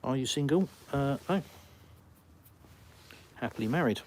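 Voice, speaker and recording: A man's voice: mid-range voice, lively intonation, measured pace, darkish tone, a little hiss or hum. Blunt Englishman reading a live chat. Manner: blunt, dry sarcasm toward trolls. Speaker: livestream host. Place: outdoors in a village.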